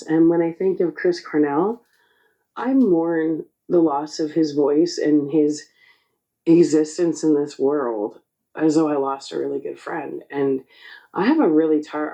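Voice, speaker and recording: A woman in her forties hosting her own channel, speaking in an emotional spiritual monologue, choked up and halting. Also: sits low, dark tone, poor audio. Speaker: channel host.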